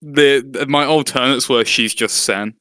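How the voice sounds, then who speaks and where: Male podcast co-host, smooth and clear, dry recording, jokey banter. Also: medium pitch, a little slow, sharp tone, no room sound. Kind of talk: casual chat.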